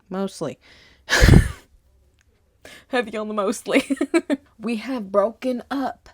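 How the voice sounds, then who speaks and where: Dyeing her hair at home, a young American vlogger chats to camera in a playful, sarcastic way, using a put-on Southern lilt. Her mid-range voice is a little mellow, and the sound is clean, studio-like and echo-free, with music beneath it.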